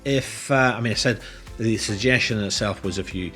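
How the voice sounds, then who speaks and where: A man's voice: on the low side, normal speed, a bit bright, faint music behind. A middle-aged man, a hypnotist, talking through a tutorial in a casual, explanatory way. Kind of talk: tutorial commentary.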